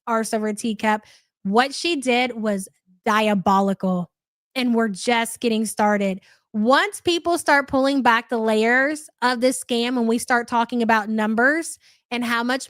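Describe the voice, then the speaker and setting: A woman's voice: on the high side, a bit bright, dry recording. A woman hosting a live reaction stream, reading out chat messages in a blunt, profane, mocking way.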